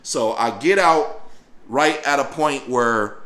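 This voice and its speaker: A man telling a personal story in a casual, profane, animated way, acting out voices and sound effects. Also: medium pitch, takes it slowly, echoey room. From northern Louisiana.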